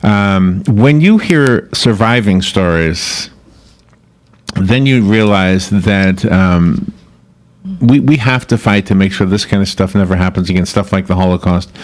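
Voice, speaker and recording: A man's voice: sits low, a little slow. A man hosting a radio interview in a chatty, loose way, often restarting his sentences. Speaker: radio host.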